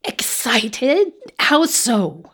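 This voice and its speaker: An actress playing a mother who gently questions her son about his crimes in a soft, hushed voice. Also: fairly high pitch, sing-song, very slow, husky, exaggerated voice. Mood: probing. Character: mother quietly coaxing her son's confession. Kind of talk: audio drama acting.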